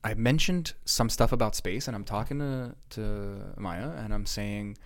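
A man's voice: lowish voice, a little slow, no echo, studio quality. A young man in casual podcast chat, rambling with restarts and casual swearing.

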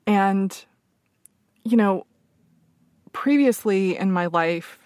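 A woman telling a personal story in an open, reflective way, filling pauses with soft fillers and close to tears. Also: mid-range voice, no room sound. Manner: open and reflective, many fillers, laughs softly. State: emotional, near tears.

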